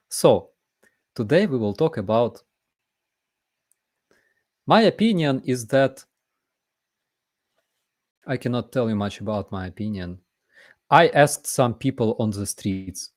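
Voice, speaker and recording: Male host, unhurried, lively storytelling voice. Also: medium pitch. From Ukraine. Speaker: YouTube host. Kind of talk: casual live chat.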